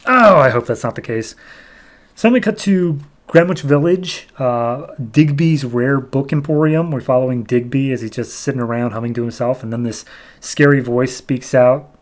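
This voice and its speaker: Guy on a comics podcast, chatty recap, rambles a bit, middle-pitched voice. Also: a little mellow. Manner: rambling, retells scenes with quick quoted character voices. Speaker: podcast host. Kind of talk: casual comic book recap.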